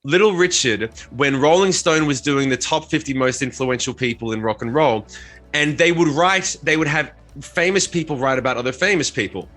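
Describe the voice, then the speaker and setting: A man's voice: mid-range voice, moderate pace, a bit bright, faint music behind. A man co-hosting a podcast, telling loose, profane stories in casual chat. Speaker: podcast co-host.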